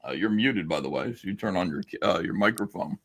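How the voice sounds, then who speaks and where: A man's voice: deep voice, expressive, fast. A man on a livestream telling a story in a rambling, sarcastic way and acting out the lines he quotes. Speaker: streamer recounting a story.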